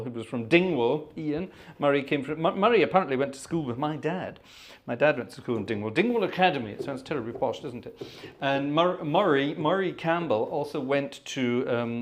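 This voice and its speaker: Rambling middle-aged male organist. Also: medium pitch. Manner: rambling, explanatory, self-mocking. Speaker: organist and live-stream host. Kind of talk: casual live-stream chat.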